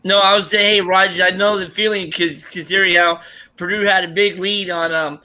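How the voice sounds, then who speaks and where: A man's voice: high voice, fairly even intonation, a little fast, bright, forceful tone, rough recording. A man chatting casually who asks questions and tells short stories. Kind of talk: casual chat.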